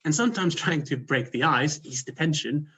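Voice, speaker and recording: A husky-voiced man with a Swedish accent delivers a humorous contest speech through a video call. His humor is dry and self-mocking, with a rough edge to his tone. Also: fairly high pitch, normal speed, sharp tone. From Sweden. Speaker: contest speaker.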